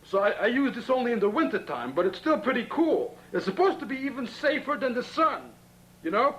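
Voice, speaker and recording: A man's voice: very high voice, very animated, brisk, fairly bright tone, rough recording. A young man giving a rambling, chatty camcorder tour of his apartment, tossing in "man" and "see" as he films. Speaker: home video host. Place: small apartment bedroom. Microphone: camcorder built-in mic.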